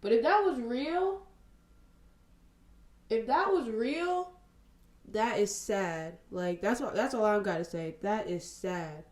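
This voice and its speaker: In a reverberant recording, a young podcast host talks through a casual get-ready-with-me episode while doing her makeup at home. Her speech is relaxed, Black, and mid-pitched, shifting from laughter-filled stories and stretched-out exclamations to softer asides as she applies makeup.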